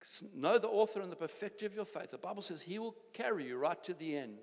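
An older man with a South African accent preaches to his congregation, pressing his point through repeated phrases and frequent restarts. His voice sits somewhat high for a man. Long reverb from the church hall trails each phrase. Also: lively intonation, fast talker, creaky. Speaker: pastor. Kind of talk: sermon.

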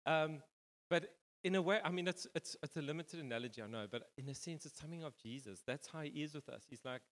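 A man's voice: a little high, quick pace, fairly bright tone. A man preaching a casual, rambling sermon, full of fillers and restarts. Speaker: pastor. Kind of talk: conversational sermon. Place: church hall. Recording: reverberant church hall.

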